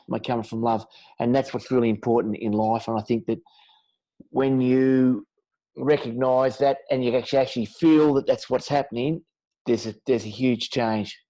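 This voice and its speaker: A man's voice: medium pitch, mellow, rough recording. A man with an Australian accent, a podcast guest in laid-back, rambling, earnest chat. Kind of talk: casual chat.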